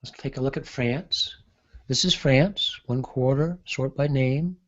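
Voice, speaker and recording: A man giving an unscripted software demonstration, thinking aloud with frequent pauses and fillers. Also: medium pitch, highs cut off. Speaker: market analyst demonstrating software. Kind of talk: unscripted screen-share demo.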